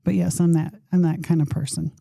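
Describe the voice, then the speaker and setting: A middle-aged woman with a low, gravelly voice, sharing a personal story as a podcast host. Her tone is very mellow and dark. She talks in a loose, rambling, conversational way and pokes fun at herself. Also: level tone, a little fast, no room sound, clean studio sound. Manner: conversational, rambling, with self-deprecating humor.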